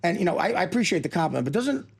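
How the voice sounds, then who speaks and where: A male talk show host with a gravelly, husky voice and a high, lively pitch. He chats in a studio and tells joking stories. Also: racing. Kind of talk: casual studio chat. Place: radio studio.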